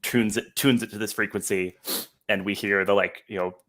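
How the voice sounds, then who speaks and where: A man's voice: lowish voice, steady tone, normal speed, a bit bright. A man narrating as game master over a video call, rambling with lots of fillers. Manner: rambling, heavy with fillers like "like" and "you know".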